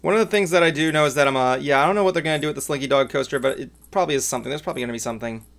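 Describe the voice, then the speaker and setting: A man hosting a loose chat show, rattling on quickly with a gravelly edge to his voice. He rambles, with plenty of ums and restarts. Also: on the high side, a bit bright. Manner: rambling, filler-heavy. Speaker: podcast host. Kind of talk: casual chat.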